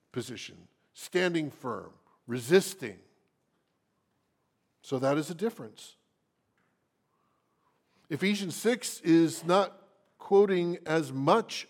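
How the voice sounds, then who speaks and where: Slow, gravelly-voiced male preacher. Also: fairly high pitch. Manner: slow and deliberate, asks the congregation questions. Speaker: pastor. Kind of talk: expository sermon.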